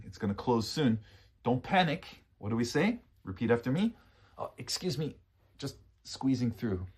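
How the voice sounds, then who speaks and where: A man teaching phrases in a casual lesson, speaking slowly and animatedly and repeating phrases for learners to copy. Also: mid-range voice, breathy edge. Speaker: English teacher. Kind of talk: casual spoken English lesson.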